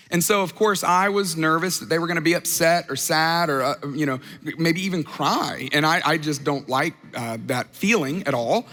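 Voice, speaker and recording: A man in his thirties gives a casual, story-driven sermon and keeps asking his congregation questions. His voice sits high and sounds bright and sharp. The long reverb of a large church hall trails every phrase. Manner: conversational storytelling, asks the crowd questions. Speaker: pastor.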